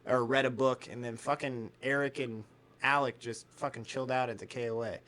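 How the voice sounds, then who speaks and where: A man co-hosting a podcast in casual chat, telling animated stories, acting out quotes and swearing freely. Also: mid-range voice, a little fast. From United States. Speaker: podcast co-host.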